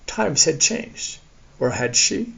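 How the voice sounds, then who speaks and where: Gravelly man narrating a story. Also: on the high side, animated, takes it slowly, a bit bright. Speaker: audiobook narrator. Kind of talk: scripted narration.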